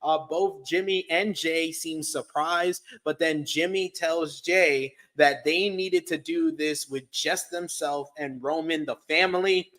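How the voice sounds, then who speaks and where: A man's voice: on the high side, animated, slow, hardly any pauses, fairly bright tone. Man recapping wrestling, casual. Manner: recaps events in detail, conversational. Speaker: podcast co-host. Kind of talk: casual wrestling review chat.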